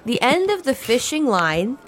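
A woman voicing an elderly lady living in a retirement community, gentle and a little bewildered, in an improv comedy scene. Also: high-pitched, very animated, a little slow, full character voice. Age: older.

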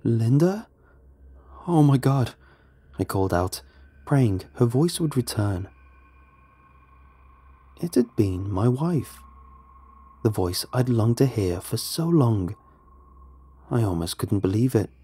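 Husky, low-voiced man narrating horror. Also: expressive, slow pace, long pauses. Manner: hushed and dramatic. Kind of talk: first-person horror story narration.

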